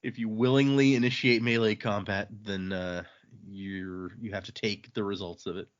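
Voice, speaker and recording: A man's voice: lowish voice, fairly even intonation, moderate pace, dull audio. A man hosting a podcast, casually recapping a novel's chapters with fillers and a loose, chatty manner. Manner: rambling, with fillers and laughs, acting out quotes. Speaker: podcast host.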